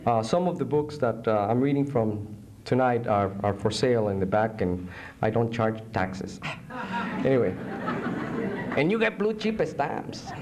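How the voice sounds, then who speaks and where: A male poet reading his work aloud live to a college audience, animated, moving between English and Spanish. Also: mid-range voice, measured pace, a crowd in the background, noisy background.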